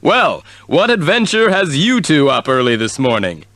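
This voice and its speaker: A man's voice: on the high side, big pitch swings, moderate pace, a bit bright, no echo, pitched above the performer's own voice. A man voicing a confident young male cat lord in a storybook reading, in a plain hearty voice. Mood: surprised.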